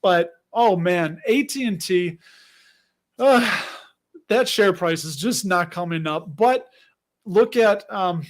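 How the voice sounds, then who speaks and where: A man's voice: sits high, slow. A man with a Chicago accent hosting a casual livestream, rambling and chatty, laughing often as he reads comments. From Chicago area. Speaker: livestream host.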